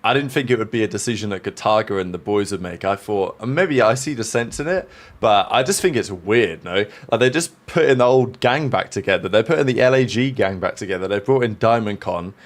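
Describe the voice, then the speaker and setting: A man co-hosting a casual esports podcast, measured and wry in his remarks. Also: on the low side, animated. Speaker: podcast co-host.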